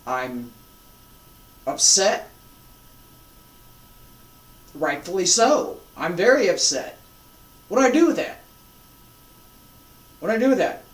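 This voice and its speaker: Qigong instructor, even mid pitch, unhurried guided breathing cues with chatty asides; roomy, off-mic sound. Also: far from the mic. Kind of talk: guided breathing lesson with reflective talk.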